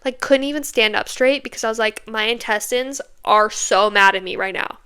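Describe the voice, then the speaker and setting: A woman's voice: on the high side, normal speed, bright, forceful tone, clear, resonant tone. A young adult woman hosting a podcast, telling a candid, self-mocking story in a casual chatty way and tagging her lines with "okay?". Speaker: podcast host.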